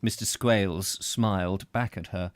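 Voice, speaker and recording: A man's voice: sits low, fairly even intonation, measured pace, no echo. A man hosting a live reading of a novel, narrating expressively with occasional slips and restarts. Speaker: book reader, host.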